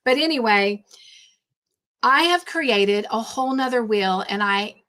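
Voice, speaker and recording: A woman's voice: on the high side, lively intonation, unhurried, a bit bright. A woman hosting a craft livestream, chatting casually and rambling, repeating herself when nervous. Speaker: craft channel host.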